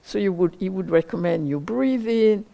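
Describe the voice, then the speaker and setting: A woman meditation teacher giving a dharma talk, searching for words slowly with many pauses and hedges. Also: medium pitch, animated, gravelly, mellow.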